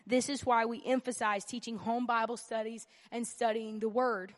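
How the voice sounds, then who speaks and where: A woman with a somewhat high voice teaches a Bible lesson at church. She talks in an earnest, conversational way, hammering points home by repeating them and slipping in jokes. Her voice carries a long reverb, as in a large hall. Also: little pitch movement, moderate pace, hardly any pauses. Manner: earnest and emphatic, repeats key phrases; conversational with humorous asides. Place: church meeting room.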